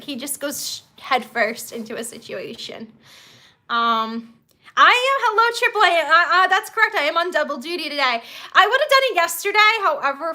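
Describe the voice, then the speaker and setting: A young woman hosting a casual live stream from home, chatty and excitable, full of fillers and restarts. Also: high voice. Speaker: YouTube host of a live stream.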